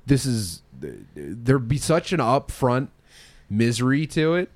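A man's voice: medium pitch, expressive, a little slow, dry recording. A father talking frankly in a casual podcast chat, swearing freely and restarting his sentences as he searches for words.

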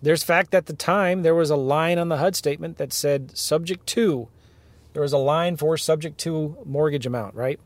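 A man hosting a podcast from his car, ranting in an animated way and firing off rhetorical questions to his listeners. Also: a little high, moderate pace, no echo. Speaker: podcast host, real estate investing coach. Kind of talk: ranting monologue.

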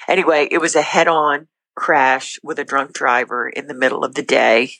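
A middle-aged woman, a podcast guest, telling her personal faith story in an earnest, candid way with quick bursts and restarts. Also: low-pitched, a bit bright, dry recording, low-quality recording.

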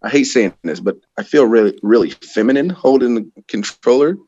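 A man's voice: mid-range voice, lively intonation, normal speed, warm tone, breathy edge, no room sound, dull audio. A man guesting on a podcast as a pro wrestler, talking in a laid-back, easygoing way with frequent laughs. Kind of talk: casual chat.

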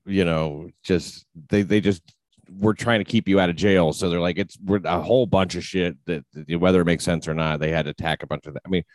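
A man with a very low voice chats casually on a podcast, rambling and swearing freely as he restarts his sentences. The sound is close and dry. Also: fairly even intonation, brisk, dry recording. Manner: rambling, profane, many restarts. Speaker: podcast host. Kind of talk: casual chat.

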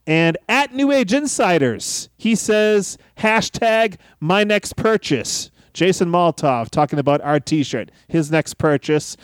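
Guy cohosting a podcast, kinda high voice, reads listener tweets, dry mic. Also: animated, a little slow, hardly any pauses, clear, resonant tone, no room sound. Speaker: podcast co-host reading listener messages. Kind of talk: casual podcast chat.

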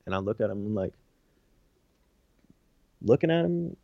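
A man in an interview recounting a personal story, animated and profane, with lots of "you know" and "I'm like". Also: lowish voice, normal speed, vocal fry, dry recording, lo-fi sound. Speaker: interview guest.

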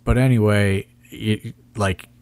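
A low-pitched man tells a long backstage story in a loose, rambling way, leaning on fillers. His voice is recorded dry and close, with no room sound around it. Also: fairly even intonation, takes it slowly, a little mellow, no room sound. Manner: rambling, heavy with "like" and "you know" fillers. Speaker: wrestling promoter and podcast host. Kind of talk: casual storytelling chat.

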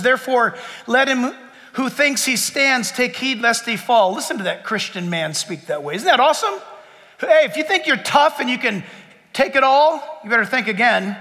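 A man preaching a sermon as pastor, emphatic, surging to loud peaks and then sinking low and quiet. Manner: emphatic, rising to near-shouts then dropping low. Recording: long hall reverb.

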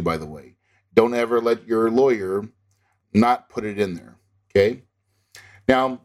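A man coaching an audience on real estate investing, with a voice of middling pitch. He talks in an emphatic, insistent manner and drives each point home with a quick "okay?". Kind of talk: instructional talk to an audience.

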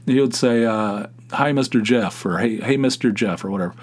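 A man's voice: on the low side, normal speed. Rambling middle-aged man, exasperated. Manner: rambling, full of restarts and asides, exasperated. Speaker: podcast host. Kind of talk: casual monologue.

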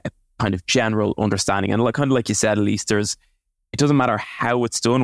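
A man's voice: fairly low pitch, dry recording, clean studio sound. A man co-hosting a podcast, explaining things in a casual way with lots of fillers and restarts. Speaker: podcast co-host.

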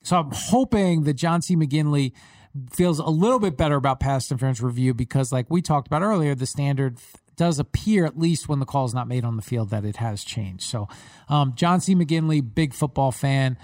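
A man's voice: mid-range voice, fairly quick, dry recording, studio quality. A man from Long Island with a New York accent, a podcast host chatting casually and telling stories with emphasis. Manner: lively storyteller, emphatic. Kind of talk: casual chat.

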